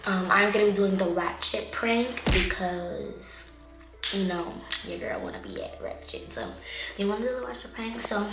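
An upbeat woman chats straight to her viewers as a vlog host and sometimes lowers her voice to a hush. Her mid-pitched voice bounces around a roomy, echoing space. Loud music plays behind her. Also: normal speed. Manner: chatty and upbeat, drops to a hushed voice at times. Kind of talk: casual vlog chat.

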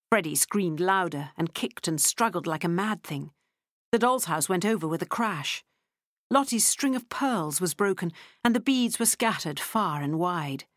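Low, dry-voiced woman narrating a novel. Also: no echo. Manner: expressive, dramatic storytelling. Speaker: audiobook narrator. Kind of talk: scripted first-person novel narration.

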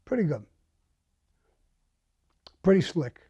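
A man's voice: a little high, sing-song, slow pace, warm tone, husky, no echo, highs cut off. A man bluntly recounting a violent crime story, swearing often and speaking with menace.

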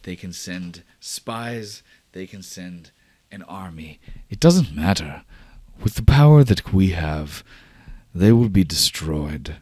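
A man's voice: low voice, animated, slow pace, warm tone, no echo, exaggerated voice. A man voicing Doctor Feichel, a cold and calculating woman scientist, in clipped, urgent lines.

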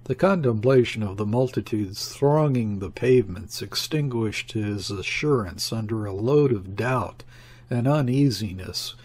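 Gravelly, breathy male narrator reads a classic novel as an audiobook at a measured, steady pace. His mid-pitched voice carries a rough, husky edge. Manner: measured, even literary reading. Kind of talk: scripted narration.

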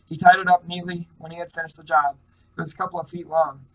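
A man's voice: a little high, quick pace, recorded from a distance, poor audio. Man reading a novel aloud, off-mic. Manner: steady plain reading with small slips. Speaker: reader. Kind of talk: first-person novel read aloud.

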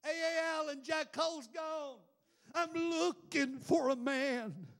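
A pastor preaches in a strikingly high voice. He piles up fervent rhetorical questions to his congregation in the church. It is a classic revival-style sermon. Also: slow pace, creaky. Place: church building before a congregation.

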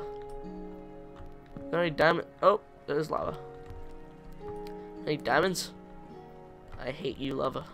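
A let's play gamer with a highish, gravelly male voice chats casually over his own gameplay, jokingly feeling sorry for himself and talking back to the game's creatures.

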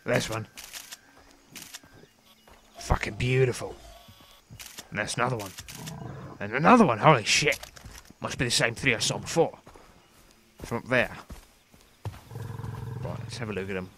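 A man giving comedic in-character commentary over a video game, swearing constantly and breaking into sudden excited outbursts. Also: mid-range voice, measured pace, long pauses, slight background noise. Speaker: gameplay commentator.

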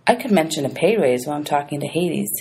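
A woman's voice: low-pitched, animated, quick pace, darkish tone, breathy edge, heavily acted. A woman reading aloud, voicing a greedy ancient male ferryman of the dead who grumbles and haggles. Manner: grumbling, sly, money-hungry.

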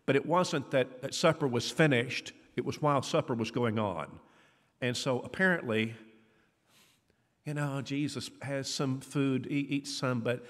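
Man preaching in a reverberant church. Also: moderate pace. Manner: conversational, acts out quoted dialogue with rising pitch. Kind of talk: sermon. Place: church hall.

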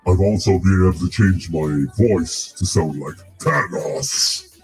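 A man voicing a deep, menacing male alien villain through a voice changer, making slow, threatening demands. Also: darkish tone, faint music behind.

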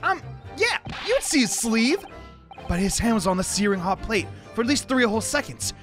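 A young man casually commenting on a video game, animated and jokey, breaking into loud reactions. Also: very high voice, moderate pace, soft background music. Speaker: YouTube gamer. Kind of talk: let's play commentary.

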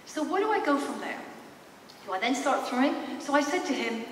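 A woman speaker talks to a crowd in a large expo hall, lively and engaging, turning questions to the audience. Her fairly high voice is washed in long reverb and picked up from a distance. A faint hum sits underneath. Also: a little fast. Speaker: psychologist and speaker. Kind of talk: public presentation. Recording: echoey hall, distant mic, faint noise.

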